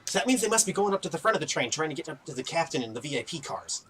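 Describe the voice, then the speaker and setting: A man voicing an earnest, reassuring male leader of short stature who talks calmly and persuasively. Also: a little high, rapid-fire, pitched above the performer's own voice.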